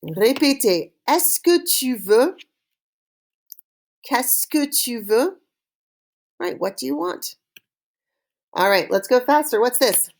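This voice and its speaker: Lively woman drilling French words. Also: fairly high pitch. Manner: slow call-and-repeat drilling with cheerful praise. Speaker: French teacher. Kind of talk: recorded online language lesson.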